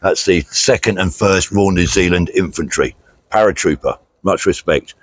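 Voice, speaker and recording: With a low voice at a moderate pace and no echo, a middle-aged British man vlogs casually on a country walk. As a charity walker, he chats plainly, leans on many fillers and reads thank-you messages to his donors.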